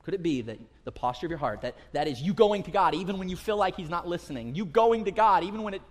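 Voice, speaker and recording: This pastor in his thirties speaks fast in a high, expressive voice while preaching to his congregation. He keeps it casual and acts out quotes with escalating emphasis, and the sanctuary produces a long hall reverb.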